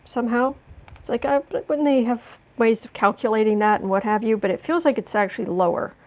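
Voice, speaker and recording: A woman's voice: fairly high pitch, brisk. A woman giving a casual tarot reading, musing aloud and often restarting or repeating words. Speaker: tarot reader.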